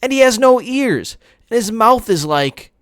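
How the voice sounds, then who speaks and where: Woman doing an exasperated schoolboy, pitched up. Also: sing-song, unhurried, dry recording, studio quality. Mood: insistent. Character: middle school boy, blunt, exasperated.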